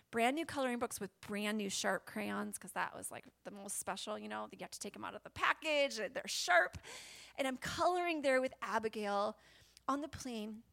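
A woman preaching a sermon, animated and chatty, often dropping to a whisper and laughing. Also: fairly high pitch, creaky.

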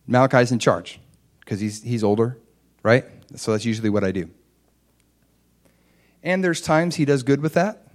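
A man's voice: moderate pace, long pauses. A middle-aged man pastor giving a sermon in an easy, conversational manner, telling a personal story and lifting his voice for emphasis. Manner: rises in pitch and loudness for emphasis.

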